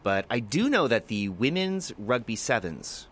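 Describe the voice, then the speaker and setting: A man's voice: medium pitch, very animated, measured pace, a bit bright. A Canadian man co-hosting a casual radio talk show, wry and telling stories with animation.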